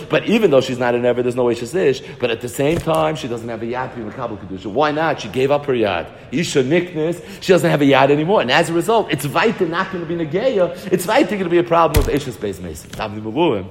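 A man teaches a Talmud lesson in a lively, animated way, with a voice pitched a little high that swings up and down a lot. He argues both sides of each point and often repeats words as he works through them. His voice rings with a long, echoing reverb. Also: a little fast, hardly any pauses. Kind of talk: Talmud lecture.

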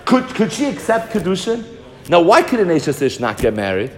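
Man, Talmud lecture, somewhat high voice, very expressive, acts out commentators, long hall reverb. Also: moderate pace, slight background noise. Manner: repeats words as he builds arguments. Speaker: Talmud teacher.

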